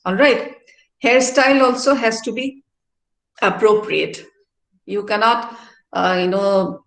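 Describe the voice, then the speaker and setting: Middle-aged woman lecturing in a roomy hall. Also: mid-range voice. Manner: explanatory, asks tag questions like "no?" and "all right?". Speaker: professor giving a workshop lecture. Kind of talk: classroom lecture. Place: university activity centre hall.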